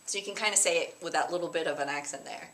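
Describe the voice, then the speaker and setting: A woman's voice: low-pitched, very fast, noisy background. A woman teacher giving a recorded math lesson to her students, chatty and casual, breaking into sing-song mnemonics. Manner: chatty, explains with sing-song mnemonics and playful put-on voices.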